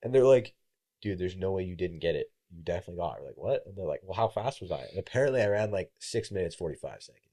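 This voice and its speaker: A man's voice: sits low, fast talker. A young man, a college baseball player, guest on a podcast, telling a story casually and acting out what people said, with plenty of swearing. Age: young adult. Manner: animated, acts out quoted voices, swears freely.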